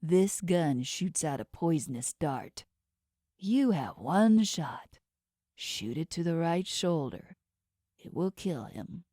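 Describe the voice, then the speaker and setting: Lady narrator doing a cold scary shark-toothed boss guy, slow and lowish, dry close sound. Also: sing-song, warm tone, no echo, exaggerated voice. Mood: menacing. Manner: cold, threatening, condescending. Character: menacing inhuman male boss with shark teeth. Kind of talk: audiobook character voice.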